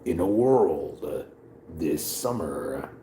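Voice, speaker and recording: A man voicing a dramatic male movie-trailer narrator with a slow, portentous announcer delivery. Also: rumbling low, animated, dark tone, a little hiss or hum, pitched below the performer's own voice, heavily acted.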